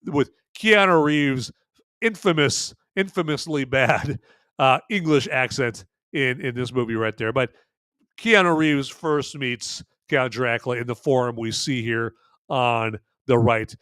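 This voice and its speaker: A man's voice: medium pitch, unhurried, fairly bright tone, smooth, no echo, clean studio sound. A man hosting a live podcast, rambling through his movie picks with many fillers and restarts in casual commentary. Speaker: podcast host presenting a vampire movie list.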